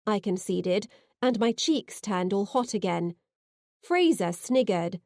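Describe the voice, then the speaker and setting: A woman narrating a science fiction novel in the first person, expressive and heartfelt. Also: mid-range voice, takes it slowly, no room sound, clean studio sound. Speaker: audiobook narrator.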